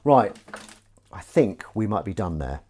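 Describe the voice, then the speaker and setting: He's a livestream host doing the dishes, chatting, poking fun at himself and swearing offhandedly. His low, mellow voice is very animated yet unhurried.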